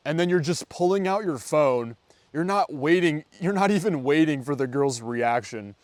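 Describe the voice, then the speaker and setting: A young man in his twenties giving dating advice in a casual vlog, his voice sitting a little high. He keeps it conversational and acts out sample exchanges, all recorded close with no room sound. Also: animated, normal speed, no room sound. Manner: conversational, acts out example dialogues. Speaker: dating coach.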